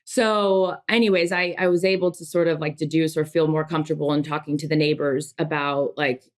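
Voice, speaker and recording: Woman podcast co-host, fairly low voice, emotional, rambling, lots of restarts, casual chat. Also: steady tone, fairly quick.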